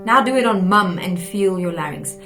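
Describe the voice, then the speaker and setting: A woman teaching a singing lesson, explaining patiently and demonstrating sung warm-up exercises. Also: mid-range voice, moderate pace, faint music behind. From South Africa. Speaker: vocal coach.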